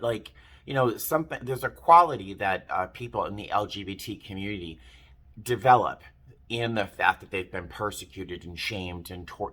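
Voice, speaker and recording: Man, vlogger, rambling storyteller; bright tone, slightly low pitch. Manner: chatty, rambling, self-interrupting. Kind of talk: casual storytelling to camera.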